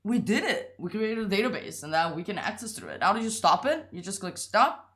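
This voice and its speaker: A woman's voice: medium pitch, very animated, fairly quick, a bit bright. A young woman talking casually through a coding tutorial, chatty and rambling, with a lot of "like" and some self-deprecating jokes. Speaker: tutorial host.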